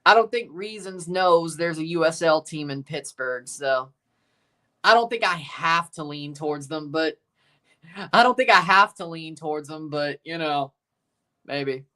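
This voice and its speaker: A man's voice: a little high, animated, measured pace, sharp tone. A man hosting a casual soccer watchalong livestream, rambling, chuckling and repeating himself as he reads out lineups and chats. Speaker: livestream host reading chat.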